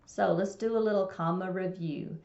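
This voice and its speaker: Woman teacher, low gravelly voice, echoey dull lo-fi recording. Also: steady tone, moderate pace, a little mellow. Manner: plain explanatory, reads example sentences aloud. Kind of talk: recorded test-prep lesson. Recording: echoey room, dull lo-fi sound.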